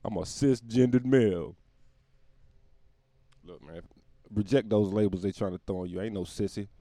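A man's voice: lowish voice, normal speed, warm tone, dry recording, clean studio sound. A man doing a rambling, profane comedic monologue and laughing at his own jokes.

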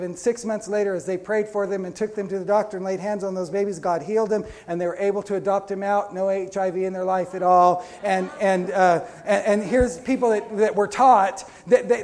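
Pentecostal pastor, male, high-pitched voice, energetic sermon delivery with restarts.

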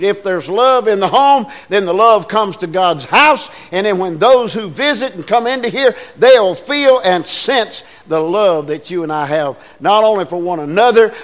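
A man's voice: high voice, expressive, a little slow, hardly any pauses, fairly bright tone. A man preaching a sermon as pastor, folksy and rousing, calling out to the congregation. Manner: folksy, call-and-response preaching with rising bursts.

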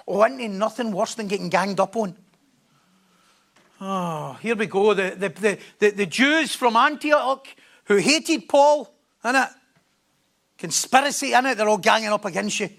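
Preacher, high gravelly voice, animated and joking, sermon delivery. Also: male voice, normal speed. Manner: animated, joking, repeats words.

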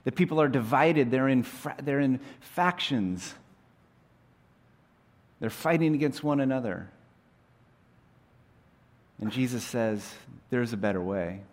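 A man's voice: animated, slow pace, long pauses. Man preaching a story-driven sermon. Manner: storytelling, building up scenes with rising intensity then dropping low. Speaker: pastor.

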